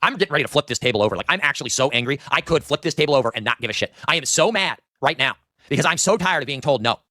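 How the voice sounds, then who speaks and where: A man's voice: a little high, expressive, rapid-fire, bright, forceful tone, no room sound, studio quality. A man in his thirties ranting in a vlog monologue, profane, exasperated and self-pitying. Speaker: online video maker.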